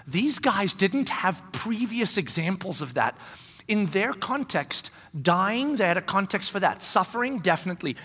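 A male pastor preaching a conversational sermon in an animated way, acting out the voices he quotes. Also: high voice, moderate pace, breathy edge, in a large hall.

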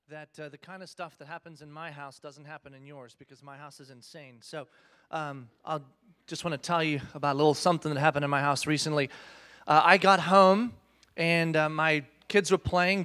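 Man, thirties, high-pitched, animated, self-mocking, storytelling sermon. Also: normal speed, smooth. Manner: animated, self-mocking, addresses the audience directly. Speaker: speaker.

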